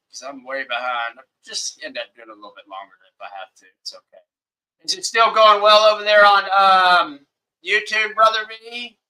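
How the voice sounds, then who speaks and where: A man with a Southern accent hosts a casual livestream from a webcam setup, rambling heatedly and often apologizing to viewers. His voice is high-pitched and sharp, and the recording quality is low.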